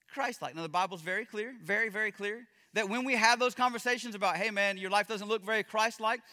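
A man preaching a sermon as pastor, impassioned, swinging between loud emphasis and hushed, drawn-out lines. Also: sits high, in a large hall.

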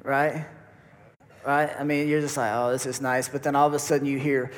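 A man's voice: mid-range voice, little pitch movement, a little fast. A man, preaching a folksy sermon to his congregation and repeating words as he goes. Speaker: pastor. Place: church hall. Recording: long reverb of a church hall.

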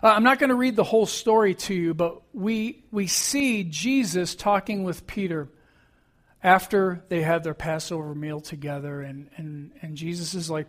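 Male pastor, conversational sermon delivery, relaxed storyteller, high-pitched. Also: normal speed.

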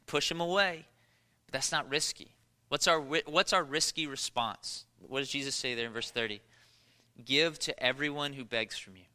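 A man preaching a sermon in a church hall, animated and acting out the people he quotes. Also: a little high, smooth. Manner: animated storytelling, acts out quotes. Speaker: pastor.

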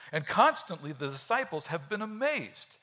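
A man preaching a sermon in a conversational, animated way, often acting out quotes. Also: on the high side, normal speed. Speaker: pastor.

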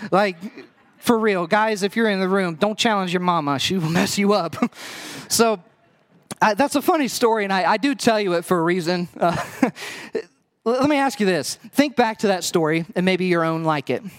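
A young adult man preaching, with an animated personal story that acts out past scenes and throws quick asides to the audience. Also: sits high.

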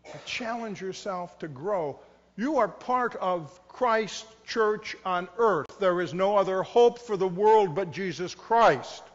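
Joking pastor preaching in a reverberant church. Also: male voice, high voice, expressive, slow. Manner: conversational, self-mocking humor, acts out inner voices of congregants. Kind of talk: sermon. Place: church sanctuary. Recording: dull sound, long reverb in a church.

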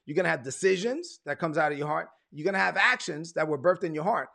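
Emphatic preacher. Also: male voice, a little high, expressive, creaky, sharp tone. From Brooklyn, United States. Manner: repetitive, emphatic, stresses words by slowing down. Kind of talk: sermon.

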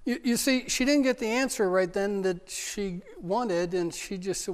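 A middle-aged man pastor preaching with a fairly high voice, moving between fervent urging and quiet, halting storytelling. He repeats and restarts phrases as he speaks. His voice rings with a long reverb from a large hall. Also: fairly even intonation, clear, resonant tone. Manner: impassioned preaching with repeated restarts, dropping to a soft personal tone. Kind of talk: sermon.

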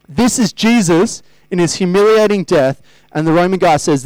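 A man's voice: high-pitched, animated, normal speed, a little mellow, dry recording, rough recording. A man preaching a sermon, conversational, asking his listeners rhetorical questions.

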